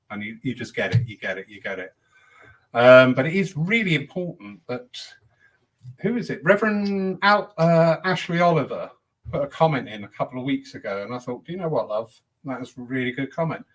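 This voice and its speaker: Man, host, casual chat, chatty, mid pitch. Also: low-quality recording. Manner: chatty, acts out quoted voices. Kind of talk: casual panel discussion.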